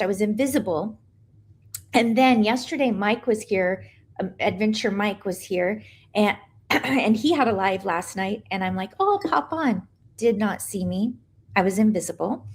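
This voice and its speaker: A middle-aged woman hosting a casual livestream, chatting in a rambling way and stopping to greet viewers and answer their comments. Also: medium pitch. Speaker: livestream host.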